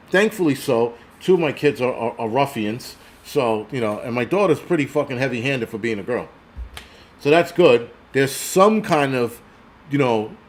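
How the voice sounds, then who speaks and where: A man in his forties hosting a casual livestream, ranting bluntly and profanely and reading out viewer comments. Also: medium pitch. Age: 40s. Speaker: host.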